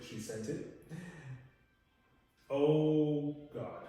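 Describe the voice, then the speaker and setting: A man's voice: a little high, slow pace, pauses often, dark tone. Male English teacher, casual chatty lesson, lots of "you know", echoey room with long reverb, mic a bit far off. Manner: chatty, tag questions, many fillers and restarts.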